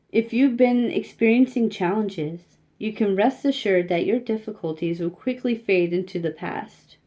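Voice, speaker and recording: A woman giving a casual spiritual card reading, talking gently and haltingly with many fillers. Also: mid-range voice.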